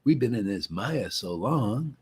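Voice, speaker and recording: A man's voice: lowish voice, very animated, a little slow, a little mellow, husky. A man preaching to a devotee meetup, taunting and confrontational, often ending phrases with "man" and "see?". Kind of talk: impassioned street-style preaching.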